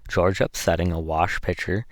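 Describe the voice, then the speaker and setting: A man narrating a classic novel as an audiobook, reading in a measured way with small slips. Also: low voice, level tone, no echo.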